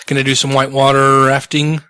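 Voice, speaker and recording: A man's voice: medium pitch, monotone, fairly quick, pushed and bright, smooth, no echo. A man co-hosting a podcast in casual chat, joking and swearing, his voice slightly strained. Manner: loose, profane, chuckling. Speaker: podcast co-host.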